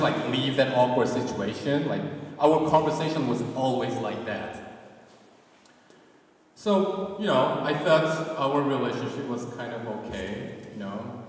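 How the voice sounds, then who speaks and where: A man's voice: medium pitch, lively intonation, measured pace, far from the mic. Young man telling a story in an echoey hall. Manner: casual, conversational, many "like" fillers. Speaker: performance artist. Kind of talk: live storytelling performance. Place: gallery performance space.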